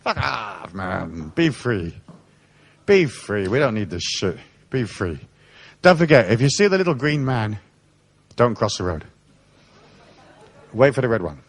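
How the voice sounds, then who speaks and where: A man's voice: on the low side, unhurried, pauses often. A man giving a live seminar talk in a large hall, telling rowdy stories full of swearing. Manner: profane, storytelling, animated. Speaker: seminar speaker.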